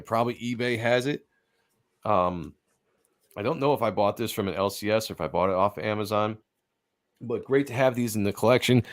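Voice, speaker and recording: A man with a fairly low voice hosts a laid-back livestream about comic book art. He talks with easy enthusiasm and drops casual swears along the way. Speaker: host.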